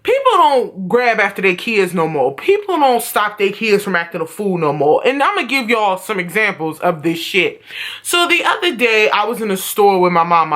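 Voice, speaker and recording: A woman's voice: mid-range voice, fairly bright tone. A young woman vlogging at home, telling stories in a blunt, profane rant. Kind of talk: casual vlog rant.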